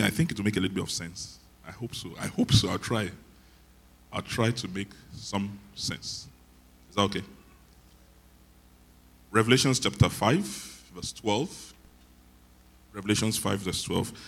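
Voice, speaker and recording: Male pastor, very low voice, quiet conversational preaching, dry humor. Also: creaky. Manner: soft-spoken, conversational teaching, self-deprecating humor. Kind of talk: sermon.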